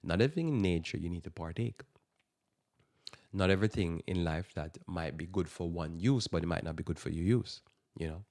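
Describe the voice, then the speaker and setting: Deep-voiced man preaching on radio. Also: a little fast, darkish tone. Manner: emphatic, repeats phrases for stress. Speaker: radio talk show host. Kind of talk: preaching Bible talk.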